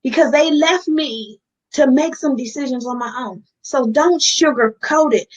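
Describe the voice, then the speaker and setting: As an interview guest, a woman speaks frankly and earnestly about her addiction recovery, talking straight to her listeners in candid interview talk. Her voice is high and her pace measured, and the recording sounds dull and lo-fi.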